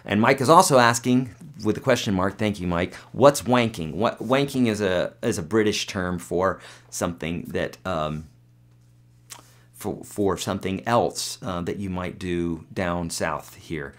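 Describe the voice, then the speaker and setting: A man's voice: low-pitched, unhurried. A man teaching guitar on a live webcast, reading out viewer questions and answering them in a loose, chatty way.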